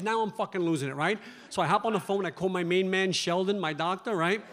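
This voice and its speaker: A man performing stand-up comedy at a club, telling a story in a fast, animated way and often tagging lines with "right?". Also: high-pitched, crowd noise.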